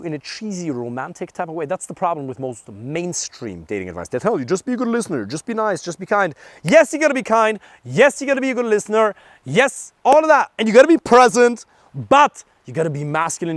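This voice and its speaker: A man's voice: fairly high pitch, no room sound. A young adult man, a dating coach, giving blunt and emphatic advice in a direct monologue, swearing for emphasis.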